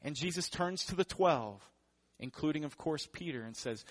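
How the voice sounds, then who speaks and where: A man's voice: fairly high pitch, lively intonation, moderate pace. Joking man giving a sermon. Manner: joking, conversational preaching. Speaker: pastor.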